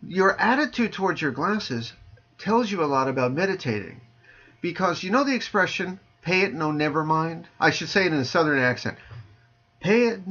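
A man who teaches Zen, chatting casually on a podcast over a video call, joking dryly and dropping his voice low on punchlines. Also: sharp tone, highs cut off. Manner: dry joking, playful sing-song delivery, drops low on punchlines. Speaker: Zen teacher answering listener questions.

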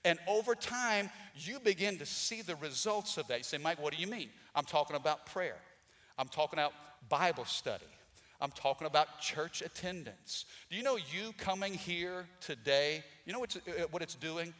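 A man's voice: a little high, expressive, normal speed, sharp tone, in a large hall. A man preaching a Sunday sermon as pastor, calling for responses from the congregation and rising to emphatic peaks. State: out of breath. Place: church sanctuary.

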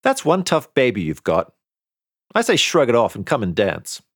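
Guy reading as a gushy teen girl mech pilot, pitched up, dry close sound. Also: huge pitch swings, moderate pace, husky, no room sound. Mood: cheerful. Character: teenage girl mecha pilot, bubbly and loyal.

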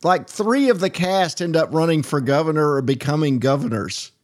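A man's voice: fairly high pitch, moderate pace. A man hosting a radio interview, asking questions and laughing along with his guest. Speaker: radio host.

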